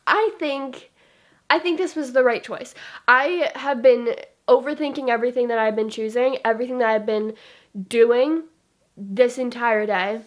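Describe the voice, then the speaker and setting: A woman's voice: on the high side, normal speed. A young woman who vlogs about books, talking casually to the camera in a bubbly, chatty way that drifts off topic. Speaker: book vlogger.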